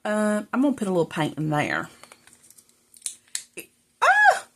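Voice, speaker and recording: Fast and full of huge pitch swings, a lowish woman's voice fills an indoor home craft room. The speaker, a middle-aged crafting vlogger, is out of breath as she rambles, chatting to viewers and talking to herself while she crafts.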